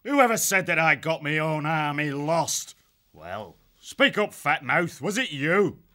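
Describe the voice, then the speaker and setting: A man voicing a brutal, swaggering male ferret warlord who talks in a rough, slangy, taunting way. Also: on the high side, big pitch swings, takes it slowly, sharp tone, voice pushed up, exaggerated voice. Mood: menacing.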